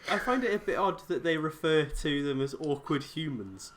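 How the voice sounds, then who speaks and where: A man's voice: fairly high pitch, animated, moderate pace, noisy background. A man from England, a guest in a casual chat, making wry remarks and restarting his sentences.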